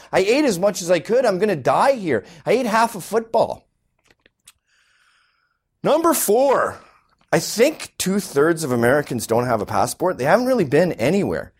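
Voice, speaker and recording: A Canadian man doing an exasperated, mocking stand-up rant. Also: high voice. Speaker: comedian.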